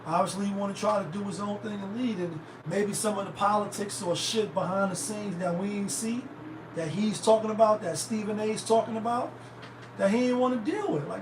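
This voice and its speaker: A man's voice: sits high, a little fast. A man hosting a show, talking in a loose, profane, rambling way. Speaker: host. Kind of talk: casual commentary. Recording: roomy, distant, noisy.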